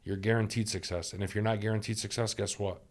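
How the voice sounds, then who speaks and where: Speaking fast with fairly even intonation, a doctor on a podcast uses his low voice to reflect on stories and give life advice. He is earnest throughout and repeats key phrases to emphasize them.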